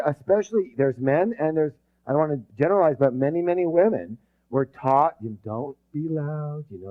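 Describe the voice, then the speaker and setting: An energetic male trainer lectures a seminar room and keeps pulling the audience into call-and-response. His voice sits fairly high, and he rambles through restarts. The recording is dull and lo-fi. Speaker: leadership trainer.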